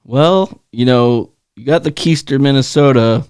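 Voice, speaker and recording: A man's voice: medium pitch, measured pace, a little mellow, clear, resonant tone, no room sound, studio quality. A man co-hosting a podcast in casual chat, riffing on crude puns and joking with his partner. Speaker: podcast co-host.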